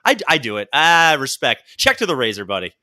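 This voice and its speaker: A man co-hosting a casual comedy podcast, chatty, trading quick reactions and anecdotes. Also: mid-range voice, huge pitch swings, sharp tone, no echo, studio quality. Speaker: podcast co-host.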